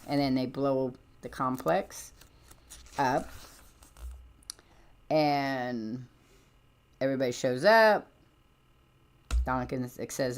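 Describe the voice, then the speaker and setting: A woman's voice: extremely low pitch, takes it slowly, pauses often. A woman hosting a livestream, chatting casually and rambling as she jumps between points with lots of ums. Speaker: livestream host. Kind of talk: casual chat about comics.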